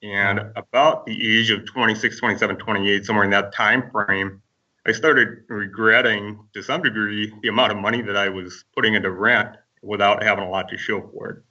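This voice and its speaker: A man from Minnesota, a podcast guest, telling his story in a relaxed, rambling way with lots of fillers. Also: lowish voice, brisk, far from the mic, lo-fi sound.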